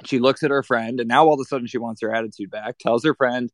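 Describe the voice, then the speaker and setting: A man who owns a piercing studio, telling a work story in casual chat with a blunt, profane, animated delivery. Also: medium pitch, fast talker, hardly any pauses, no echo.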